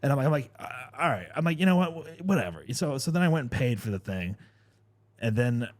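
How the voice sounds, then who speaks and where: Fast-talking New man, dry close sound. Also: mid-range voice, very animated, no room sound. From New Jersey. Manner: rambling, filler-heavy, profane. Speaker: podcast host. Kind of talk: casual storytelling chat.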